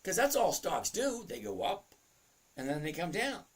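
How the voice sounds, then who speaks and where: A man's voice: high voice, sing-song, normal speed, husky. A man hosting a casual live stream on trading, greeting chat viewers by name in an upbeat, chatty way. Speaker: livestream host teaching stock trading.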